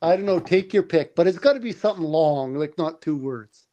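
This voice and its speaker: A man's voice: on the high side, animated, a little fast, dark tone, lo-fi sound. Easygoing self-deprecating man. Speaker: panel guest. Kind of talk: casual live-stream panel chat.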